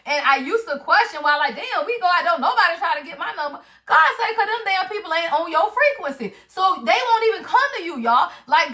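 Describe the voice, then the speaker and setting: Woman, tarot reader, high voice, livestream reading, emphatic, slangy. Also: pushed and bright. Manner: emphatic and chatty, talks straight to viewers, casual slang and swearing. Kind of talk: spiritual card reading on a livestream.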